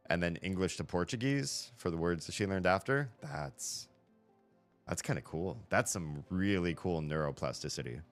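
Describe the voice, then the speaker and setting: A deep-voiced man talks casually to his stream audience, thinking out loud and often restarting his sentences. His voice sits low and even, and faint music plays behind him. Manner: rambling, thinks aloud, frequent self-corrections. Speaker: live stream host. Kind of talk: casual live-stream chat, reading chat messages. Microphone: headset.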